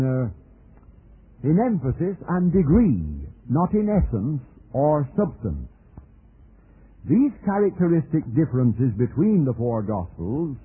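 A man preaching a measured, emphatic sermon, phrasing each point deliberately. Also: fairly high pitch, breathy edge. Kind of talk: sermon lecture. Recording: tinny old lo-fi radio recording.

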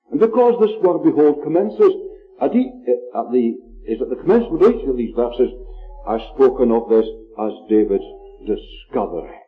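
A man preaching a sermon, slow and deliberate, leaning hard on single words. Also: mid-range voice, lively intonation, faint music behind. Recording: tinny phone-like recording.

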